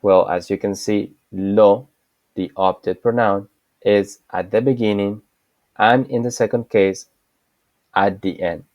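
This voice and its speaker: Male Spanish teacher, unhurried, dry close sound, repeats examples patiently. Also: on the low side, fairly even intonation, a little mellow, no echo. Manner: explains slowly, repeats example sentences. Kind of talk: online language lesson.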